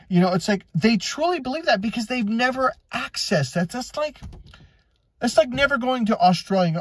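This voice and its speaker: A man's voice: extremely high pitch, big pitch swings, a little fast, no room sound, studio quality. A man coaching listeners in a casual motivational monologue, blunt and profane, telling stories and acting out the dialogue. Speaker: life and relationship coach.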